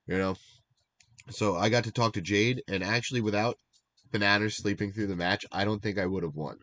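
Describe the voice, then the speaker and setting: A young man co-hosting a casual stream recap, rambling and animated, laughing at himself as he goes. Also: fairly low pitch, fast, no echo. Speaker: draft league recap co-host.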